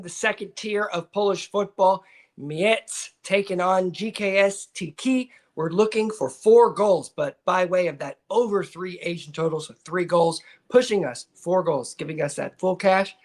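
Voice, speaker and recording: A man's voice: sits high, unhurried. A man co-hosting a sports betting show, giving his picks in a laid-back, matter-of-fact way. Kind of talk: casual sports betting chat.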